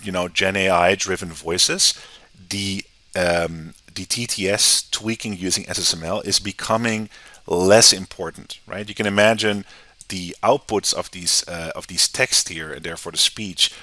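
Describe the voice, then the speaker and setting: An American man giving a casual, conversational software tutorial, often checking in with "right?". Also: sits low, unhurried, dry recording. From United States. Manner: relaxed, conversational, often tags sentences with "right?". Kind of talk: screen-recorded software tutorial.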